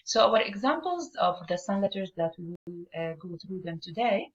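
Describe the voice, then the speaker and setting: A woman's voice: mid-range voice, lively intonation, moderate pace. A woman, an Arabic teacher explaining a lesson step by step and asking her learners questions. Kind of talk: online language lesson. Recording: dull lo-fi recording.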